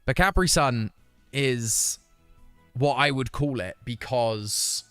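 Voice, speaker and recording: A man's voice: mid-range voice, lively intonation, slow pace, fairly bright tone, smooth, dry recording, faint music behind. A young British man chatting casually on his live stream, reading viewer comments aloud and answering them. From United Kingdom.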